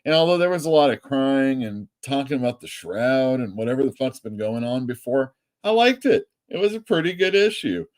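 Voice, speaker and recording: With a mid-range, sing-song voice, this male show host and comic store owner talks loosely on a live stream. He rambles, curses freely and laughs quickly.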